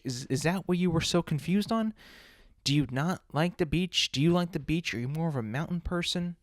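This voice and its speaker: A podcast host delivers a casual comedic monologue, rambling through restarts and rhetorical questions. He has a fairly high-pitched voice at normal speed, captured in a dry recording with clean studio sound.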